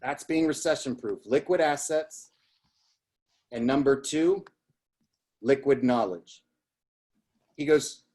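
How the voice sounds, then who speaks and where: A man's voice: medium pitch, takes it slowly, pauses often, warm tone. A man speaking as a guest business coach, giving an emphatic motivational talk with a repetitive, storytelling manner.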